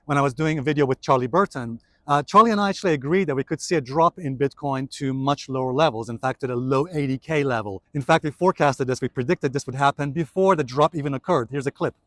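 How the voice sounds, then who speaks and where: A man's voice: mid-range voice, fast talker, few pauses, no echo. A man hosting a casual market commentary vlog, chatty and explaining step by step to viewers while walking city streets. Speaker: trading video host.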